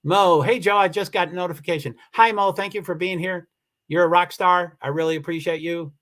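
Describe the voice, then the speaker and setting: A man's voice: high voice, steady tone, a little fast, a bit bright. Upset, rambling man hosting a livestream. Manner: rambling, upset, self-interrupting with restarts. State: emotional, near tears. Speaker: livestream host. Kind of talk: casual livestream chat reading comments. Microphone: computer mic for a live stream.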